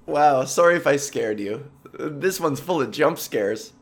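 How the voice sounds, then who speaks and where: A man's voice: mid-range voice, expressive, a little slow, gravelly. A man hosting a comedic solo podcast, rambling and self-mocking, and easily sidetracked, speaking close to his microphone. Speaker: podcast host.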